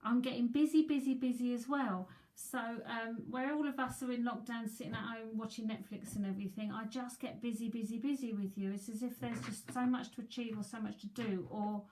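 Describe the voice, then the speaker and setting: A woman's voice: on the high side, steady tone, brisk, few pauses, darkish tone. Chatty English woman reading tarot. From England. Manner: chatty, addresses viewers by name, repeats words. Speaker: psychic tarot reader. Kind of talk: live-streamed tarot reading.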